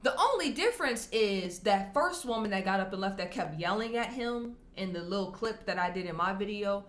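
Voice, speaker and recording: Answering viewer comments on camera, a vlogger talks briskly in a medium-pitched voice. Her manner is casual, candid and animated, with frequent laughter, and she switches voices to imitate the people she quotes.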